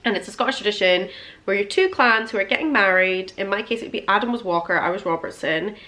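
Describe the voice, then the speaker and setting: Young woman, casual vlog chat, gushing, emotional, fillers, middle pitch. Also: fast talker, pushed and bright. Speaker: vlogger. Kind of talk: casual chatty storytelling.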